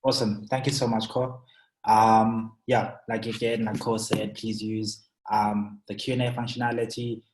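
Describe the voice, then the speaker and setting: A man's voice: fairly low pitch, little pitch movement, moderate pace, a little hiss or hum. A man moderating a webinar, introducing the next speaker in a casual way with fillers. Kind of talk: hosting a webinar. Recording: dull, roomy call audio.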